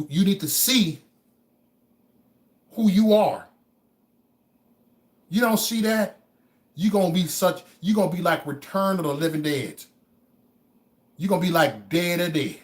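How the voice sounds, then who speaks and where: A man with a high-sitting voice and lively intonation hosts a livestream, giving his chat a motivational talk. He speaks a little slowly with long pauses, repeats phrases again and again, stammers on single words, and swings between hushed musing and loud preaching.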